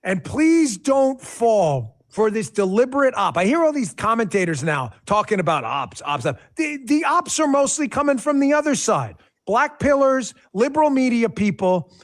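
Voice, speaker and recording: A middle-aged man with a high-sitting voice hosts a political talk show. He speaks straight to his viewers with emphatic, sarcastic commentary.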